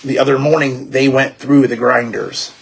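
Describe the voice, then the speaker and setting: A man's voice: medium pitch, fairly even intonation, moderate pace, gravelly, husky. A man voicing a frightened, rambling informant from a ruined mining folk in a tabletop game. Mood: grim. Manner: agitated, half-shouted, rambling.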